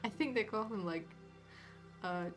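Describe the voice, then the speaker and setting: A woman's voice: mid-range voice, measured pace. A woman art streamer chatting casually while she paints, rambling with lots of fillers and hedges. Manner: rambling, hedging, many fillers and restarts. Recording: music playing behind.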